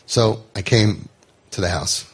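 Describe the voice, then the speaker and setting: Husky-voiced man telling youth-home stories. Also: lowish voice, slow pace. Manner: conversational, animated, acts out quotes. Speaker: founder of a home for troubled youth. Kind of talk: storytelling talk to parents.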